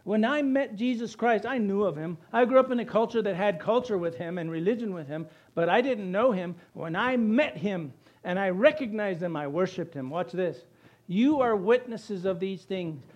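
A man's voice: sits high, animated, normal speed, hardly any pauses, muffled recording. A pastor preaching a sermon to his congregation, asking questions and answering them himself.

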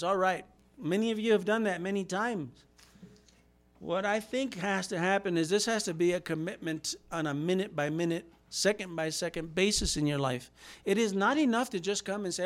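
A man preaches a sermon with a notably high-pitched voice, swinging between quiet, low asides and loud, fervent declarations. He acts out quoted voices and rises to shouts at his peaks. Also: normal speed. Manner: impassioned preaching with acted-out quotes and rising shouts. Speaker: pastor.

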